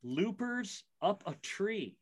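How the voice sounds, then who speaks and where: A middle-aged man with a fairly high speaking voice hosts a casual podcast chat. He rambles through his stories and stumbles over restarts. He keeps poking fun at himself as he goes. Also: sing-song, slow pace. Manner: rambling, self-deprecating storyteller with frequent restarts. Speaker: podcast co-host.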